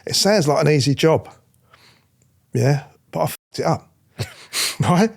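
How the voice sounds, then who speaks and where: A man's voice: on the high side, unhurried, vocal fry. A middle-aged man, a former royal protection officer, telling blunt stories in an interview, swearing and mimicking the people he talks about. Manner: blunt, animated, swears freely, mimics others. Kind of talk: candid storytelling interview.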